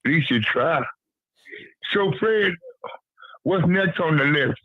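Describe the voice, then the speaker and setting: A man's voice: on the high side, expressive, slow, no echo. Blunt man on a tinny phone line. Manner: blunt and repetitive, street slang. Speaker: guest on a boxing talk show. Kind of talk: casual phone-in chat.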